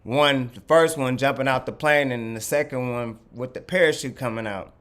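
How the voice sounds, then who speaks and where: Animated storytelling man. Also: mid-range voice, moderate pace. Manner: animated, swears, acts out quotes loudly. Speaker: vlogger. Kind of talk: casual storytelling.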